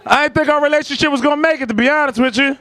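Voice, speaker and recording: A man doing a stand-up comedy set, telling a story with lively acted-out voices and shouts before a laughing audience. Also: very high voice, racing.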